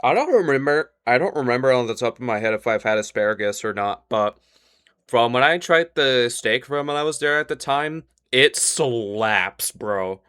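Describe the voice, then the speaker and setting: A young man running a tabletop game as dungeon master. His voice is bright and smooth, and the sound is dry and close. He chats casually and lays out the rules plainly. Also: medium pitch, lively intonation, normal speed, no echo.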